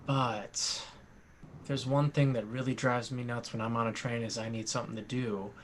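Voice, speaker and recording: A man judging an improv game over a video call, deliberating slowly in casual banter. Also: mid-range voice, steady tone, slight background noise.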